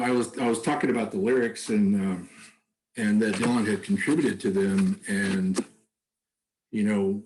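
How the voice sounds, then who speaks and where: Low-voiced man, soft-spoken, halting speech, video call audio. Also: a little hiss or hum, poor audio. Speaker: songwriter and bereaved father. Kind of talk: casual talk on a video call. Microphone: computer mic on a video call.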